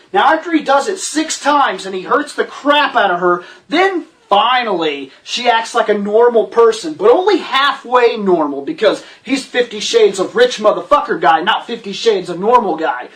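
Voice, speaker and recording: A man's voice: extremely high pitch, animated, measured pace, a bit bright. Man, host, ranting movie review, profane, sarcastic, slightly distant mic.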